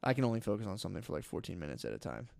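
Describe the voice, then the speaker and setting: A man co-hosting a podcast in casual chat, animated and swearing, acting out his own thoughts as he tells stories. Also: sits low, racing, gravelly, no echo. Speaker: podcast co-host.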